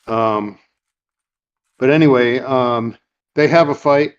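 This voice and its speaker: A man's voice: medium pitch, slow pace, smooth. Rambling man on a dull lo-fi recording. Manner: rambling, with many fillers and acted-out quotes. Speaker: podcast host. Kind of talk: casual chat retelling a film scene.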